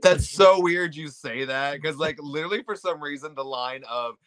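A man's voice: a little high, moderate pace, a bit bright, dry recording. A man co-hosting a podcast in casual chat, making wry asides. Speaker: podcast co-host. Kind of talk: casual chat recapping wrestling.

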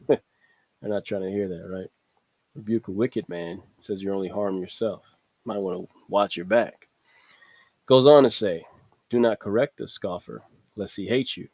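Low-voiced man hosting a devotional podcast. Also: no echo. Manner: relaxed and conversational, chuckles often, reads scripture aloud. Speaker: podcast host. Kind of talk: casual devotional podcast talk.

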